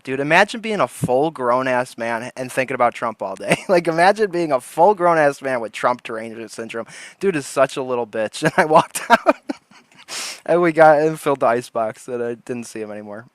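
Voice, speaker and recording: A man chatting on his livestream in a loose, rambling way, with laughter breaking into his stories. His voice sits at a middle pitch. The sound is dry and close. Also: a bit bright, dry recording. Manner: rambling storytelling, laughs often. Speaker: livestream host. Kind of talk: casual livestream chat.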